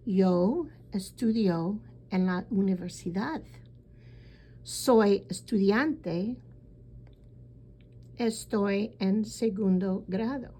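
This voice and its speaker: A woman teaching a recorded beginner language lesson, modeling short phrases slowly and pausing so learners can repeat. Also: mid-range voice, a little mellow. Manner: slow, deliberate model phrases with pauses for repeating. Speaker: Spanish teacher.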